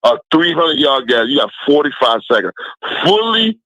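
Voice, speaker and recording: Middle-aged ex-player guest, animated, expressive pitch, dry close sound. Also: male voice, normal speed, no room sound, low-quality recording. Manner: animated, laughing storyteller with colloquial speech. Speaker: guest, former football player. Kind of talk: casual storytelling.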